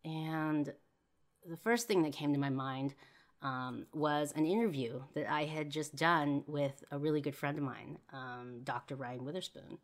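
A young woman hosting a podcast tells a personal story in a rambling manner, full of "you know" and "like." Her voice is deep and a little slow.

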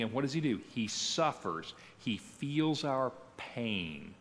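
A middle-aged man teaches a church class as its pastor, his voice rising and falling with lively animation. He talks conversationally and keeps checking in with questions to the group. His words carry a long reverb from the church hall around him. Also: mid-range voice.

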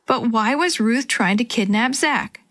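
A woman's voice: on the high side, measured pace, fairly bright tone. A woman voicing a determined young girl detective in a children's story, earnest and eager.

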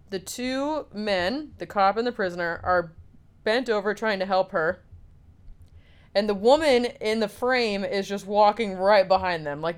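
A young woman tells a film's story in a loose, chatty way, peppering her sentences with fillers and the occasional curse. Her voice is smooth and clear, sitting at an ordinary pitch for a woman. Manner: casual, filler-heavy storytelling with frequent "like" and swearing. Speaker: film recapper. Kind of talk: casual film recap.

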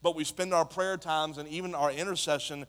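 A man preaching a sermon to a congregation, talking in a passionate way that builds to shouts. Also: on the high side, steady tone, fairly quick, smooth. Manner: impassioned, rising to shouts. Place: church sanctuary. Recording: long hall reverb.

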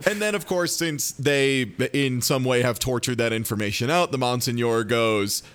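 A man's voice: mid-range voice, moderate pace, fairly bright tone, clean tone. A man co-hosting a casual podcast, recapping a TV show with wry commentary and quoted asides. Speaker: podcast co-host.

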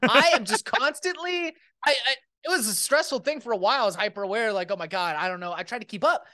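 A man's voice: very high-pitched, lively intonation, fast, pushed and bright, dry recording. Dry teasing man in his thirties. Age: 30s. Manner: dry, teasing, wordplay jokes. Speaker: podcast co-host. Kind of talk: casual chat.

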